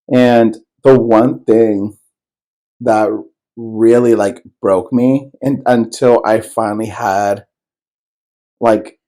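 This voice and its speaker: A man co-hosting a podcast, drawling through a personal story at an unhurried pace, his pitch sitting in a middle range. He rambles, circles back, swears freely and leans on plenty of fillers. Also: darkish tone, rough recording. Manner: loose and rambling, heavy swearing, many fillers. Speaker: podcast co-host. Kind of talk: casual storytelling chat.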